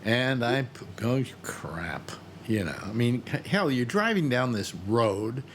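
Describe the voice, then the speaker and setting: A man's voice: mid-range voice, animated, unhurried, a little hiss or hum. A man on a talk panel, bantering and mock-complaining to his friends. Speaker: panel member. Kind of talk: casual banter.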